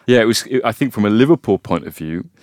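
A man's voice: lowish voice, expressive, quick pace, dry recording, studio quality. A man discussing a football match in a casual podcast chat, thoughtful and hesitant, with frequent fillers. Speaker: football pundit.

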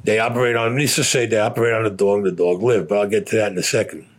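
An older man in his seventies, a war veteran bluntly recounting his experiences in rough, heavily profane storytelling. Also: on the low side, steady tone, racing.

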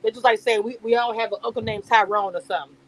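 A woman with a high voice chats through a live stream. She rambles, laughs often and reads her viewers' comments aloud. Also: fairly even intonation, fast, very noisy. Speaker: YouTube live host reacting to a reality show cast. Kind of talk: casual live-stream chat.

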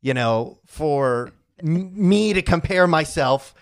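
A man's voice: a little high, lively intonation, takes it slowly, gravelly. A man in his thirties hosting a casual podcast chat. He rambles, trails off into mumbles and pokes fun at himself. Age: 30s. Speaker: podcast host.

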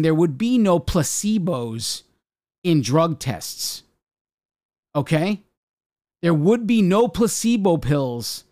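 A man's voice: on the high side, a little mellow, no echo, studio quality. A man hosting a podcast, delivering an emphatic, argumentative monologue. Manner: emphatic, argumentative, says okay often. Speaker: podcast host. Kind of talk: ranting monologue.

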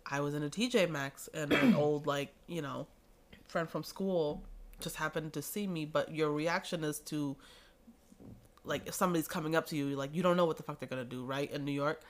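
A woman from New Hampshire, a podcast guest, telling stories in lively casual chat. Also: sits low, normal speed. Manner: lively storyteller, laughs often.

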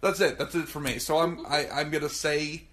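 A man's voice: on the high side, steady tone, a bit bright. A man co-hosting a podcast in casual chat, swearing freely and joking. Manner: swearing, jokey, puts on quick silly voices. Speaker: podcast co-host.

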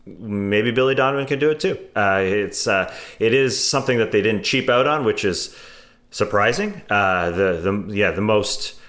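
A man's voice: fairly low pitch, lively intonation, normal speed, fairly bright tone. A man on a sports panel, talking basketball in a hesitant way, full of "uh"s and restarts. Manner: hesitant, many fillers and restarts. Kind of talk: casual basketball discussion.

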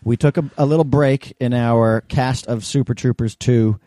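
Dark-voiced joking male podcast co-host. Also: mid-range voice, steady tone, normal speed, dry recording, studio quality. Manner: profane, jokey, boastful. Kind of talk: casual comedic banter.

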